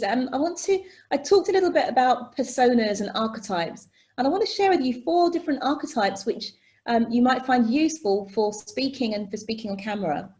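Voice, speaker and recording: A woman presenting an online workshop over a video call, chatty and animated, often checking in with "okay?" and "right?". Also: fairly high pitch. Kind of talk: live online workshop teaching.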